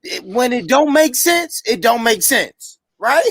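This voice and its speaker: A man's voice: very high voice, very animated, slow pace, vocal fry, a bit bright, slightly rough, dry recording. A man hosting a heated casual debate, emphatic and repetitive, often cutting in and swearing. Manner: emphatic, repetitive, interrupting, profane. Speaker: podcast host.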